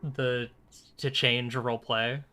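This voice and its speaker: A man's voice: mid-range voice, flat delivery, slow pace, bright, forceful tone. A young man streaming a video game, chatting casually, joking, laughing often and swearing. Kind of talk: live gaming commentary.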